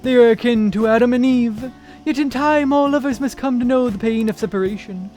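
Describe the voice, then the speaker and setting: A man's voice: extremely high pitch, fairly quick, warm tone, soft background music. A man reading a pompous, grandiose young male artist aloud on stream, with theatrical, flowery speech.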